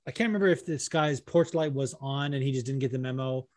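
A man's voice: medium pitch, fast, darkish tone, no room sound. A man from Las Vegas co-hosting a podcast, chatting in a laid-back way and swearing casually. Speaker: podcast co-host.

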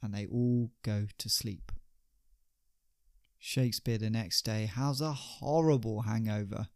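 A man's voice: fairly low pitch, fairly even intonation, slow, darkish tone, clear, resonant tone, no echo, clean studio sound. A man hosting a podcast, telling a comic story in a wry, chatty way with rhetorical asides.

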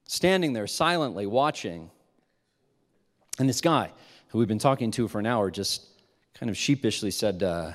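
A man preaching to a live audience, telling a self-mocking story with animation and dropping to a hushed tone when he reflects. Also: on the low side, lively intonation, normal speed, long pauses. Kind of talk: sermon storytelling. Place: large hall with a live audience. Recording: long hall reverb.

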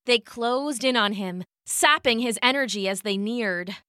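A woman narrating a scripted spooky story in a measured, unhurried manner. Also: fairly high pitch, sharp tone, no room sound, clean studio sound.

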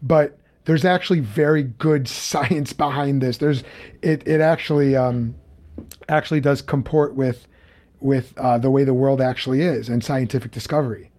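A man's voice: medium pitch, steady tone, moderate pace, a little mellow. A man hosting a casual interview over a video call, talking with many fillers and restarts. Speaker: interview host.

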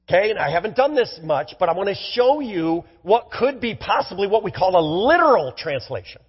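A middle-aged man, a pastor, preaching a sermon in an animated, emphatic way in a church. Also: high voice, slightly rough, in a large hall, highs cut off. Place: church sanctuary.

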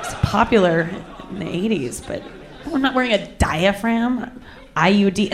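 A woman's voice: medium pitch, moderate pace. A young woman telling a crude personal story with candid, self-mocking humor, laughing often.

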